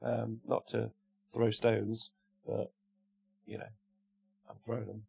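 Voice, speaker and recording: A man's voice: fairly low pitch, monotone, takes it slowly, gravelly, warm tone, slightly rough. A man with an English Midlands accent, hosting a casual livestream, reading out viewers' chat messages and answering them with jokes. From Cannock, England.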